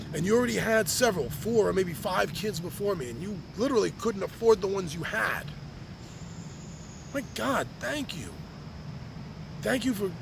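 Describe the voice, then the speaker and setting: A man delivers a personal open-letter monologue in a heartfelt, reflective way. His voice sits fairly high and carries a gravelly fry. His pitch moves widely as he speaks. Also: background noise. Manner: heartfelt and reflective, with a few repeated restarts. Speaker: podcast host writing to his birth mother.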